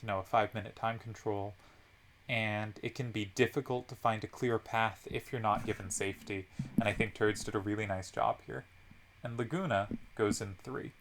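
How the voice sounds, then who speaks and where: A man commentating a card game tournament, analyzing each move step by step with frequent ums. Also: on the low side.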